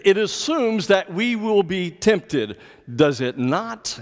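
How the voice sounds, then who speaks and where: A pastor with a high-sitting voice preaches slowly yet animatedly, unpacking scripture and hammering his points with repeated, forceful commands. The sermon rings through a church sanctuary with long reverb.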